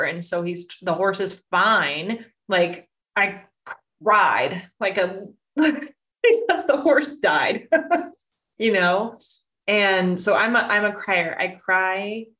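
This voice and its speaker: A woman's voice: fairly low pitch, fairly bright tone. A middle-aged woman talking candidly and from the heart in a personal monologue, her voice thick as she holds back tears, with many "like"s and "right?"s. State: fighting back tears, emotional voice.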